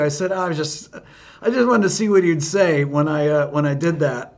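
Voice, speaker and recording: A man's voice: fairly high pitch, normal speed, gravelly. A male host telling a funny story in casual chat, rambling and restarting his sentences. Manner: rambling anecdote, lots of restarts.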